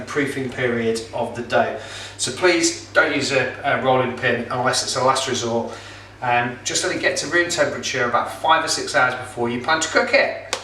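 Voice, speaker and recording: A middle-aged man with a bright, forceful voice talks through a cooking demonstration in a chatty, joking way, full of ums and uhs. He sounds a little way off the mic, and the kitchen gives his voice a roomy echo. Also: mid-range voice, recorded from a distance, slight background noise. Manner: chatty, jokey, with filler words. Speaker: pizza kit seller and presenter.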